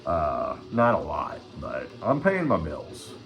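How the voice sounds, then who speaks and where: Older male vlog host, crude rambling ranter, big swooping pitch, faint music underneath. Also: huge pitch swings, slow, gravelly. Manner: crude, rambling, swears constantly. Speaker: channel host. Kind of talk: rambling profane vlog rant.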